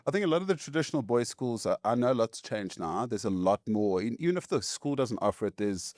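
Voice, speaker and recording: A man's voice: mid-range voice, big pitch swings, fast talker, a little mellow, no echo, studio quality. A middle-aged South African man hosting a podcast, chatting casually and agreeing readily. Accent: South African English. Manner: agreeable, chatty, brief interjections. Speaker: podcast host.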